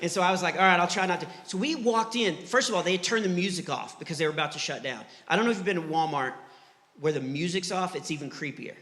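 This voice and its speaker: A middle-aged man from Texas doing clean stand-up, an animated storyteller who acts out the voices in his stories. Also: fairly high pitch, fast talker. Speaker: stand-up comedian. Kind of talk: clean stand-up comedy with faith message. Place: church hall before a live audience. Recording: live church hall reverb.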